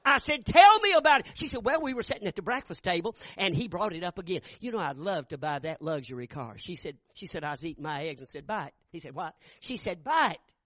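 An older man preaching a folksy sermon, acting out dialogue and rising to shouts. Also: fairly high pitch, animated, fast talker, hardly any pauses, dry recording. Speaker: Baptist preacher. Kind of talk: sermon storytelling with acted dialogue.

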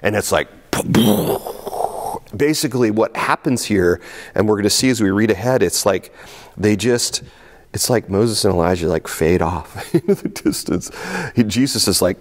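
A man preaching a sermon as pastor, talking in a lively, conversational way with frequent fillers and restarts. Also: on the low side, unhurried. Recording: long hall reverb.

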